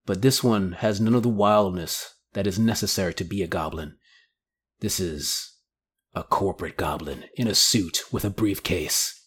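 A man narrating as game master of a tabletop game, playful and quick to laugh. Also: sits low, slightly rough. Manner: playful, voicing characters, laughing.

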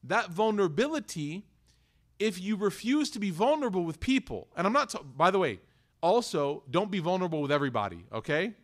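A man in his young adulthood giving a religious talk, his voice sitting a bit high for a man. He speaks conversationally and slips into short acted dialogues as he tells stories. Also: very animated, brisk. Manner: conversational, acts out dialogues in storytelling. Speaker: Islamic teacher.

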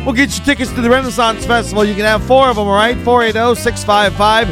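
A man co-hosting a car talk radio show, making quick jokes and reading out the call-in number. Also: high voice, steady tone, over music. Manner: jokey, quick quips. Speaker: radio co-host. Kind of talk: radio banter and announcements. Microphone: studio mic.

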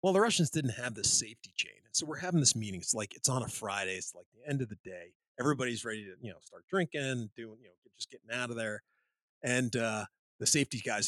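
A man on a podcast telling a long anecdote in casual chat, rambling and animated, full of restarts and "you know". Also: mid-range voice, fast talker, dry recording. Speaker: podcast host.

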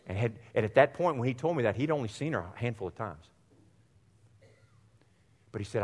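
A middle-aged man preaching a sermon, dropping to near whispers for stories and rising to loud exhortation. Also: medium pitch, expressive, fairly quick, long pauses, slightly rough. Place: church sanctuary. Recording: long reverb of a church hall.

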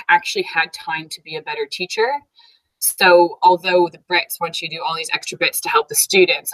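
A young woman from Canada chats freely as an interview guest, talking through her teaching life. Her voice sits a little low for a woman. She fills pauses with "um" and breaks into quick laughs. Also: sharp tone, poor audio. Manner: chatty, laughs often, many fillers. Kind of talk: casual conversational interview.

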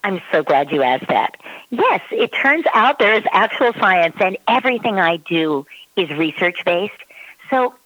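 A woman's voice: medium pitch, big pitch swings, a little slow, fairly bright tone, no echo, highs cut off. Woman parenting expert explaining stuff, close dry mic, acts out her kid's voice. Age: adult parent. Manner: acts out a child's voice in quotes. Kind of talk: casual advice talk.

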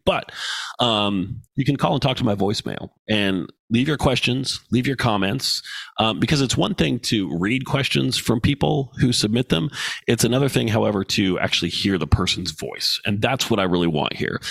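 A man's voice: fairly low pitch, vocal fry, fairly bright tone, no echo. A man hosting his own podcast in a casual solo talk, blunt, profane and joking. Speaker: podcast host. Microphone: studio microphone with headphones.

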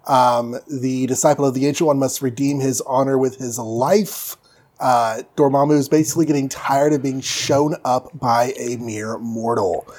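Husky man recapping comics. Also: medium pitch, steady tone, a little mellow. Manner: breezy recap, drops into quick mock voices for characters. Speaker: podcast co-host recapping comics. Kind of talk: casual chat.

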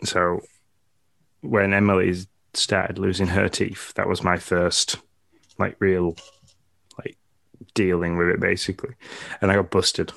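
A man in casual chat who speaks in a relaxed, rambling way and pokes fun at himself. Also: sits low, a little slow, vocal fry, pauses often, no room sound.

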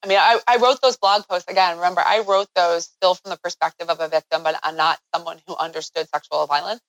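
A woman guest in an interview, telling a personal story in an earnest way that grows animated as she recounts events. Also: fairly low pitch, fast talker, no room sound, low-quality recording.

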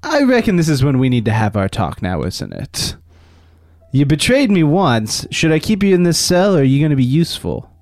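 A man's voice: fairly high pitch, wildly swooping pitch, normal speed, darkish tone, no echo, studio quality. A man playing his character in a tabletop game, blunt and joking. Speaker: player.

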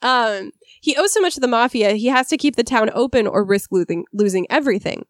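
A woman's voice: a little high, animated, brisk, no echo, clean studio sound. A woman co-hosting a film podcast, talking casually and analytically with plenty of ums and likes. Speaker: podcast co-host.

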